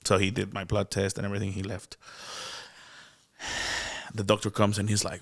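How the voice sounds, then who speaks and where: A man's voice: lowish voice, normal speed, creaky, no echo. A man with a Mexican accent, a guest comedian, telling a story in a casual interview, laughing often and acting out what people said. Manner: animated, laughing often, acts out quoted dialogue, many restarts.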